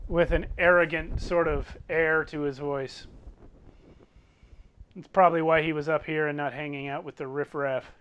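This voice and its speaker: A man narrating as game master in a relaxed, chatty way, often laughing. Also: fairly high pitch, clear, resonant tone. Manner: easygoing narration with frequent laughs.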